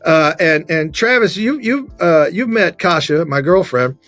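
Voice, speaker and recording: A man telling stories in casual chat, acting out shouted heckles. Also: a little high, animated, a little slow, no echo, soft background music. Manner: storytelling with acted-out shouts. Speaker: podcast guest.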